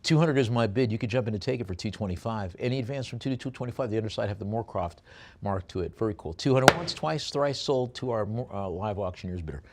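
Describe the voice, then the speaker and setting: A man's voice: lowish voice, lively intonation, fast talker, slight background noise. A man working as an auctioneer, calling bids at a live sale. He describes each lot with many hesitant fillers and drops joking asides between bids.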